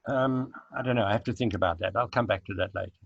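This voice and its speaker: An older man from South Africa, a guest chatting casually in an interview, unhurried and reminiscing, with frequent hesitant fillers. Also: lowish voice, breathy edge, no echo. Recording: dull lo-fi recording.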